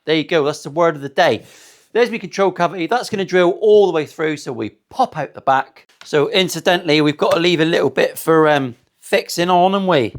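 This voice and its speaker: A man's voice: on the high side, a little fast. A man building a guitar in his workshop, chatting in a cheeky, joking, sweary way full of rambling asides. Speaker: luthier, guitar-building vlogger. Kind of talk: casual sweary banter while working.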